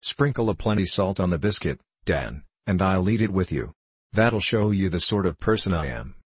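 A man's voice: low voice, animated, normal speed, husky, no room sound. Man voicing Puck, the ancient merry hill sprite. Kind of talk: audiobook character reading.

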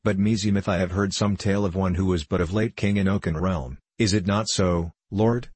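A man's voice: low-pitched, steady tone, brisk, a little mellow, slightly rough, dry recording. A man reading as a fearless young huntsman. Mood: courteous. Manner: courteous, archaic speech.

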